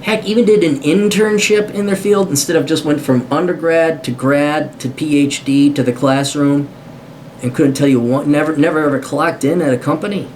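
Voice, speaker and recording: Man, slightly high-pitched, blunt sarcastic rant, swears a lot, stammers and restarts, faint background hiss. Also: moderate pace, darkish tone. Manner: blunt and combative, with frequent cursing; stammers and restarts mid-sentence. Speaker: video commentator. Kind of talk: unscripted opinion monologue.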